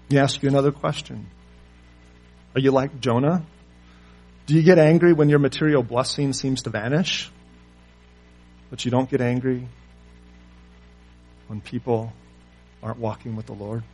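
Husky-voiced male preacher asking questions. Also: medium pitch, steady tone, normal speed, long pauses, soft background music. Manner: preaching with rhetorical questions, swinging between loud emphasis and quiet asides. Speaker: pastor. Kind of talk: sermon.

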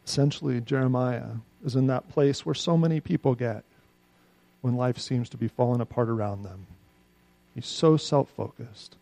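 A man preaching a sermon, swinging between loud, pleading outbursts and quiet, low asides. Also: moderate pace, vocal fry, no room sound. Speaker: pastor.

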